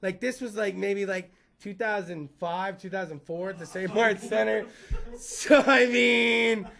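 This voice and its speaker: A man's voice: high voice, measured pace, creaky, sharp tone. A man hosting a podcast, telling rambling comic stories full of profanity and frequent laughter. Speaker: podcast host. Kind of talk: comedic storytelling monologue.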